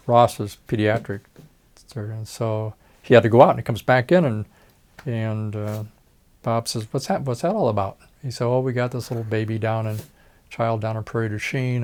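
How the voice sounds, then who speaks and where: A lowish, darkish male voice comes from an older retired facial plastic surgeon telling stories in an oral history interview. Along the way he chuckles and imitates the voices of the people he quotes.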